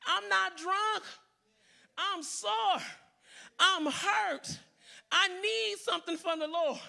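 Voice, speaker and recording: A woman preacher acting out a desperate biblical woman who pleads with the priest, pushed high above the preacher's speaking voice and breaking into shouts. The tone is bright and forceful, all raw need. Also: slow, gravelly, exaggerated voice. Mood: desperate pleading.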